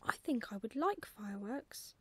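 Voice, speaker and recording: A woman voicing a timid, curious baby barn owl boy, soft and hesitant, in a whispered role-play for a storybook. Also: on the high side, lively intonation, moderate pace, breathy edge, no echo. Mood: wondering.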